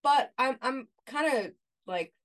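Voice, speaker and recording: A woman co-hosting a podcast, retelling a TV episode scene by scene in a relaxed, chatty way. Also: high voice, takes it slowly. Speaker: podcast co-host. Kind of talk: casual recap chat.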